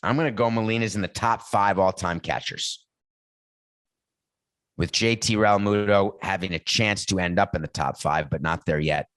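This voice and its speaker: A man's voice: low voice, moderate pace, fairly bright tone, dry recording. A middle-aged man hosting a sports talk show, giving blunt, emphatic opinions off the cuff. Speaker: podcast host.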